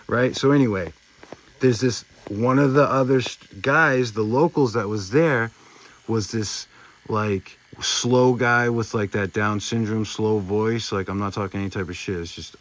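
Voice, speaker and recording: Low-voiced man telling a rambling story. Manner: rambling, swears often, lots of fillers. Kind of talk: casual storytelling.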